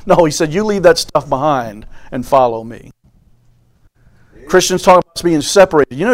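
A man preaching a sermon, folksy storytelling with fervent swells. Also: high-pitched.

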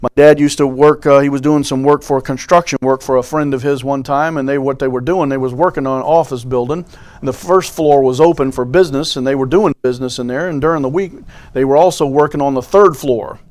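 A man's voice: mid-range voice, steady tone, brisk, darkish tone. A man preaching a sermon, folksy storytelling with fervent swells.

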